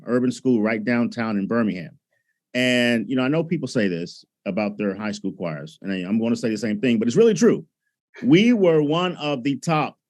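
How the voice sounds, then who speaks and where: Animated man telling a story. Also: medium pitch. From Alabama, USA. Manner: animated storyteller, acts out his own past thoughts. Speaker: choral conductor and educator. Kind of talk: conversational storytelling.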